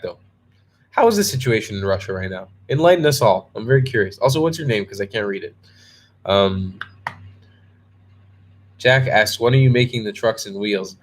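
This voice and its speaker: Chatty young man reading live-stream chat. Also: mid-range voice. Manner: chatty, joking, talks to chat by name, many ums and restarts. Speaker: travel vlogger hosting a live stream.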